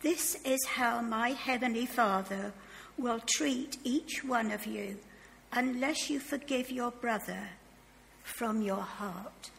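A woman reading scripture aloud slowly and carefully in church, with a tickly throat she keeps clearing. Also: on the high side, slight background noise. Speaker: Bible reader. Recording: long reverb of a church hall.

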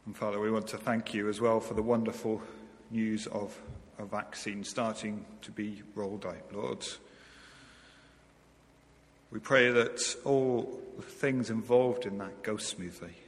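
A man leading a slow, gentle spoken prayer in church as minister, often repeating "Lord". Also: lowish voice, fairly even intonation. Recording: hall reverb.

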